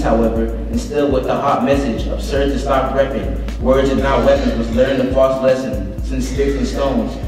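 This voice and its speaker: Give me a teen boy reciting rhyming slam poetry in a rap-like rhythm, with a long hall reverb. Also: mid-range voice. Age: teens. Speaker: student slam poet. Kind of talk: spoken word poetry performance. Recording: echoey hall from far off with music.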